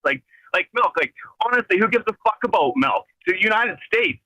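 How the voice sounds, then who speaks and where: A man calls in from his vehicle and rants. His voice is bright and a little high, and he talks in an agitated, cursing stream full of restarts. The sound is dry and close. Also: lively intonation, a little fast, no room sound, poor audio. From Canada. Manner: agitated, swearing, rambling rant with many restarts. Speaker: caller. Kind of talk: heated phone call. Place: in a vehicle driving.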